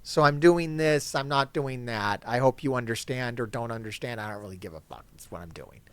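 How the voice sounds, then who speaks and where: A man's voice: medium pitch, a little fast, a bit bright, clear, resonant tone. Profane, ranting male gamer. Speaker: gaming YouTuber. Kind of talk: casual gameplay commentary.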